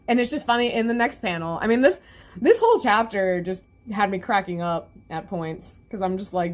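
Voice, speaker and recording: A woman's voice: mid-range voice, animated, normal speed, a bit bright. A young woman giving a casual, giggly review of a webcomic chapter, often acting out the characters' lines.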